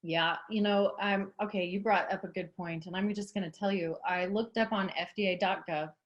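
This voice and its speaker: A woman's voice: mid-range voice, steady tone, normal speed, dull audio. A woman interviewing a guest, reading out information and responding supportively. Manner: supportive, reads out information, agrees often. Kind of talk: conversational interview.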